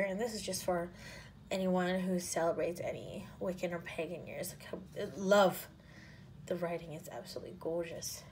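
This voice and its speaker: A woman showing planner stickers in a casual haul, gushing and often dropping into soft half-whispers. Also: fairly low pitch, a little hiss or hum. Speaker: planner sticker shop owner and vlogger. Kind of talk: casual haul show-and-tell.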